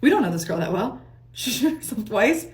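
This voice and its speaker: Young woman, storytime monologue, fast and lively, laughs and swears, casual. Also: fairly high pitch.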